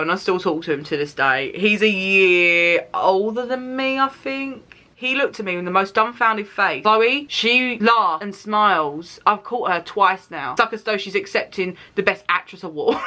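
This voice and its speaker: A British woman in her twenties, an animated and dramatic storyteller who laughs and swears while she vlogs. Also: medium pitch. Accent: British English. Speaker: YouTuber. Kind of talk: storytime vlog.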